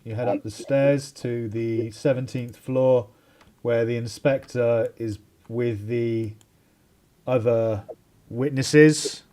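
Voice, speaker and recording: A man narrating as game master in a tabletop game, relaxed and full of hesitations. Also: on the low side. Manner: casual, relaxed, with frequent hesitations.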